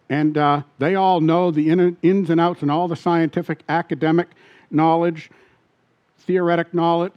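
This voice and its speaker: A man's voice: fairly high pitch, lo-fi sound. A man preaching a sermon as pastor, often asking his listeners questions and repeating key points.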